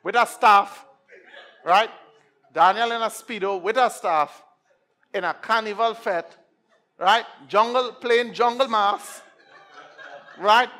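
A man with a Trinidadian accent preaching a sermon. He jokes with his listeners and swings from hushed lines to shouting. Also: high-pitched, slow, long pauses. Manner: energetic, swings from hushed to shouting, joking with the crowd.

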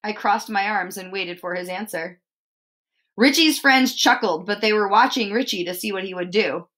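A woman teacher reading a picture book aloud to children, expressive and stopping to ask them questions. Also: medium pitch, moderate pace.

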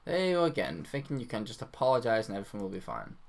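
A man reading a cold, dismissive young woman in his own low, gravelly voice with a flat, lightly sarcastic delivery. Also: rapid-fire.

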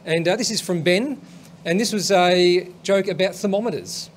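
A man's voice: sits high, normal speed, slight background noise. A man hosting a comedy show, telling jokes with an upbeat, chuckling manner. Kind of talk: stand-up joke telling.

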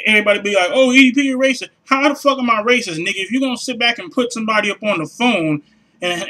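High-voiced guy ranting into the camera, cussing a lot, bright forceful tone. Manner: loud, exasperated, heavy swearing. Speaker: vlogger. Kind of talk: profane ranting vlog.

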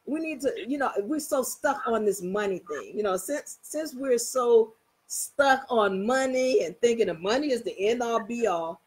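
A woman teaching in a casual, animated way, telling everyday stories and checking that listeners follow. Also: on the high side, husky, poor audio. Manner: animated, storytelling, coaxing listeners. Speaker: spiritual teacher. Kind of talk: casual motivational talk.

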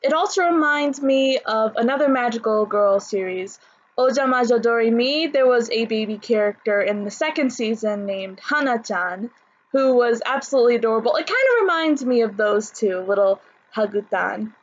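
A woman's voice: a little high, expressive, moderate pace. Chatty woman on a dull lo-fi mic. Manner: chatty, with many fillers and restarts. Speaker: anime vlogger. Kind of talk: casual vlog chat.

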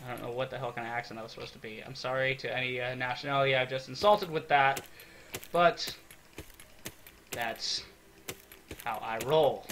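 Excitable young man, bright voice. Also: mid-range voice, brisk, slight background noise. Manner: excitable, swears a lot, talks to himself while building. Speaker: gaming video creator. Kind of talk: let's-play commentary.

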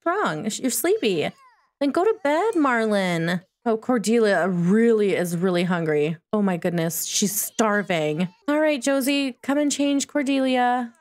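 A woman's voice: mid-range voice, animated, unhurried, few pauses. A woman giving casual let's-play commentary, chatty and cooing at the characters in her game. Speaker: gaming video creator.

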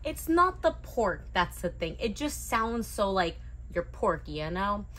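A woman's voice: mid-range voice, very animated, measured pace, a bit bright. A woman co-hosting a dive shop video newsletter, chatting casually and tossing in wry asides. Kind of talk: casual promotional newsletter chat.

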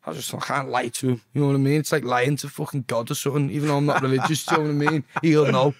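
A man with a thick Liverpool accent tells a story at an easy, chatty pace. He swears freely and keeps checking in with "you know what I mean". His voice sits at an ordinary middle pitch and sounds dry and close, with no room around it. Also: flat delivery, racing, dry recording. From Liverpool, England. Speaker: guest singer. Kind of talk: casual storytelling.

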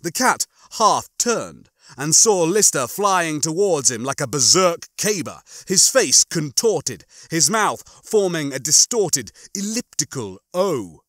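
A man reading a comic audiobook as narrator, with animated, expressive storytelling. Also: on the high side, takes it slowly, hardly any pauses, dry recording, studio quality. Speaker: audiobook reader.

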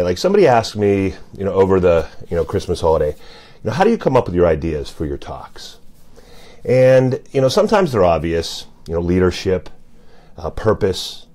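A man with a lowish, mellow voice gives a motivational talk straight to camera. He talks in a loose, conversational way, leaning on "you know" and "uh" as he works through his points. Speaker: motivational speaker.

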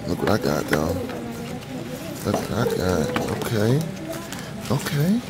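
A young adult man, a father, talking in a relaxed, slangy way for a casual vlog and teasing his children playfully. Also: low-pitched, measured pace, low-quality recording. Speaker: vlogger and father.

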